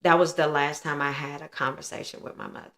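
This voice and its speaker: A woman's voice: low voice, little pitch movement, fast, fairly bright tone. A woman in her thirties frankly and earnestly telling a painful personal story as the host of her own show.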